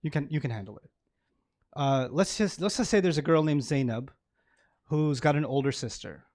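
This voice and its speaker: A male preacher giving a sermon to an audience, animated, acting out everyday examples and laughing often. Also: on the high side, normal speed, dry recording, studio quality.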